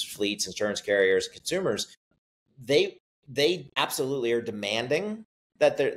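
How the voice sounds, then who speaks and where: A man's voice: mid-range voice, a little hiss or hum, rough recording. A middle-aged man, a startup CEO, answering interview questions in a conversational way and acting out quotes as he tells stories. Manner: animated storyteller, acts out quotes.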